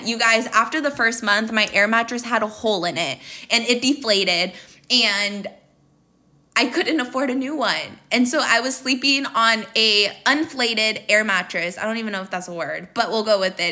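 A woman in her thirties hosts her own podcast in a candid, confessional monologue. Her voice is bright and sits a little high, and she keeps turning to her listeners as "you guys" while fighting back emotion. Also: moderate pace. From American Midwest. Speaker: podcast host.

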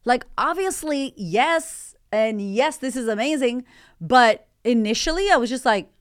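A woman's voice: a little high, expressive, a little slow, clear, resonant tone. A woman hosting a motivational podcast, talking with candid energy and swearing freely. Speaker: podcast host and life coach.

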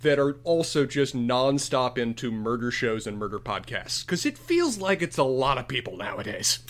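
Lively wry man recapping an episode. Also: medium pitch, normal speed. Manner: wry, storytelling recap with playful asides. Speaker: podcast co-host. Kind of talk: casual chat, episode recap.

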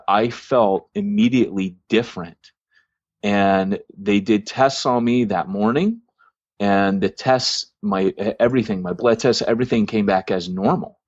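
Low-voiced man telling a story, dull lo-fi. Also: no echo. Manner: rambling, many ums and restarts. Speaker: podcast host. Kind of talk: storytelling in a casual podcast chat. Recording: dry, dull lo-fi sound.

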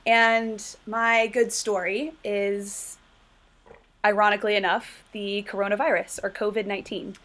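A woman's voice: mid-range voice, flat delivery, unhurried, a bit bright. Chill reflective woman chatting w friends, laughs a lot. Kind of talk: casual chat.

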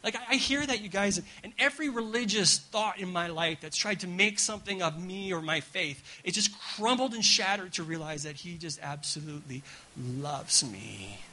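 A man preaching a sermon at a church gathering, talking in an animated way and stumbling over repeated words. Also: high voice, moderate pace, hardly any pauses, slight background noise, low-quality recording. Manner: animated, repeats words, keeps asking "right?". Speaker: guest pastor.

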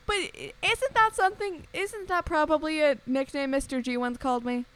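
A woman's voice: high voice, moderate pace, a bit bright, poor audio. A woman co-hosting a casual chat over a video call, rambling and laughing often. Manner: rambling, giggly. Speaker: podcast co-host. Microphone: own mic on a video call.

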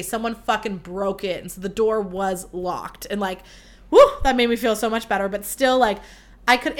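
A woman's voice: fairly high pitch, a bit bright. A young woman hosting a podcast, telling a story in a rambling, casual way, full of fillers and swearing. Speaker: podcast host.

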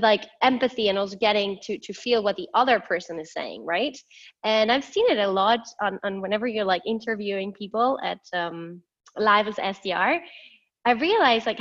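A woman's voice: mid-range voice, fairly bright tone. A woman hosting a podcast interview, talking casually with many fillers and quoting others. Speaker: podcast host. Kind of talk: conversational interview. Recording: dull, lo-fi sound.

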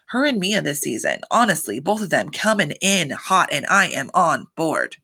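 A reality show recapper chats casually in a lowish voice at normal speed, barely pausing at all. She swears a lot, fills her talk with constant "like," and animatedly acts out quotes while laughing.

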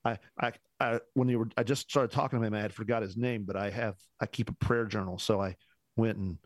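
Low-voiced pastor telling a story. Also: male voice, brisk, dry recording. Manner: animated storyteller who acts out the dialogue; casual, uses "man" often, restarts sentences. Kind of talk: storytelling in a podcast conversation.

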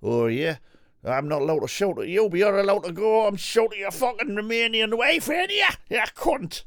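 A man doing a comic impression of an excitable male TV cook, squeaky, sarcastic and full of swearing. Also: moderate pace, dry recording, clean studio sound, heavily acted. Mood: indignant.

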